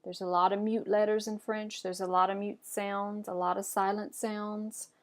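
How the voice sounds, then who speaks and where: A woman teaching French pronunciation, modelling words clearly and encouraging learners to repeat after her. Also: medium pitch, flat delivery, moderate pace. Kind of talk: pronunciation lesson.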